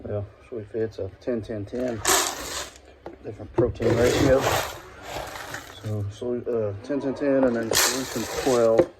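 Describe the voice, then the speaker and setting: A man's voice: medium pitch, fairly even intonation, unhurried. A man narrating his farm chores casually outdoors, chatting to and calling his animals while filming on a phone in his hand. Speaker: farm vlogger. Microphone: phone held in one hand. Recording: outdoor phone audio with noise.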